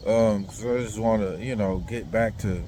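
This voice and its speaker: Man, casual storyteller, rambling with fillers, lowish mellow voice, faint background hiss. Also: normal speed. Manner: rambling, conversational, slang-heavy with many fillers. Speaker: vlogger recounting dreams.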